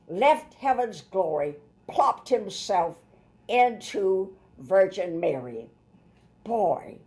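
A woman's voice: mid-range voice, darkish tone. Emphatic woman preaching a folksy sermon. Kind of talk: sermon with running commentary on scripture.

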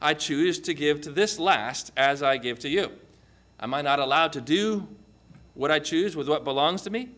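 A man playing a generous male vineyard owner who answers his workers in a lower, measured, patient voice. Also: expressive, fairly bright tone.

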